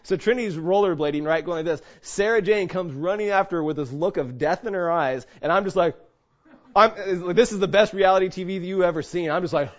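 A middle-aged male pastor preaches with a fairly high voice, acting out his stories. He jumps between loud, punchy lines and soft, hushed asides. The recording sounds dull and lo-fi. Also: brisk. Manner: animated storytelling, swings between loud and hushed. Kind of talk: sermon.

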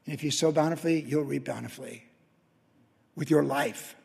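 A man preaching a sermon, telling a story with sudden loud excited peaks between quiet stretches. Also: on the high side, moderate pace, vocal fry, slightly rough, long reverb tail. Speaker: pastor.

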